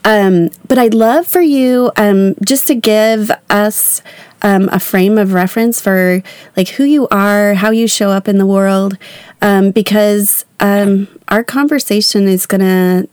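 Hoarse woman hosting a chatty podcast. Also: medium pitch, fairly even intonation, a little slow, darkish tone, no echo, studio quality. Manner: chatty, with many ums. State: hoarse from a chest cold. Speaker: podcast host and life coach. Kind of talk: casual podcast chat.

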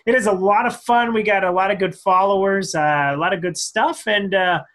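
A man's voice: high voice, normal speed, a bit bright. A man co-hosting a podcast, chatting casually and playing the joker. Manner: jokey, calls himself the funny one. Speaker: podcast co-host.

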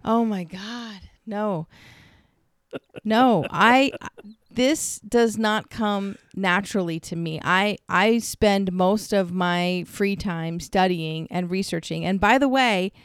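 A woman's voice: mid-range voice, takes it slowly, clear, resonant tone, no echo, clean studio sound. A woman co-hosting a casual talk show, explaining things earnestly and with many restarts, and getting flustered when she is teased. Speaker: podcast co-host. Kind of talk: casual chat.

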